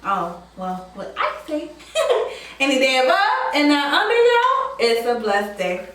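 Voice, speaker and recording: Woman mukbang host, slow, chatty and laughing, recorded far from the mic in a roomy space. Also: sits high, wildly swooping pitch, fairly bright tone, a little hiss or hum. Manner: chatty, laughing, southern-style drawl words like y'all. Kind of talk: casual mukbang chat. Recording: echoey room from far off mic.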